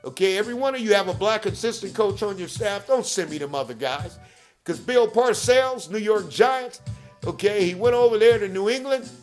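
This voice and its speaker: Guy hosting a podcast, high voice, hypes it up, keeps saying okay, shouts out names. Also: moderate pace, faint music behind. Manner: hype-driven, repeats catchphrases, peppers with "okay?"; shouts out people by name. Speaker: podcast host. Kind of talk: promotional monologue.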